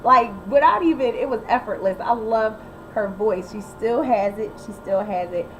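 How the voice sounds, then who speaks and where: A woman's voice: on the high side, slight background noise, poor audio. Sassy, blunt woman recapping a reality show. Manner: sassy, blunt, quick to mimic people and break into song. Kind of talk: casual recap commentary.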